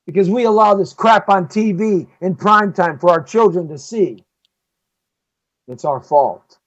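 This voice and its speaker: A man rants through a heated opinion monologue as a live show host. He jumps from loud, mocking outbursts to low, grumbling asides. The audio is dull and lo-fi. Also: unhurried. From United States. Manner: ranting, swings between loud outbursts and low muttering.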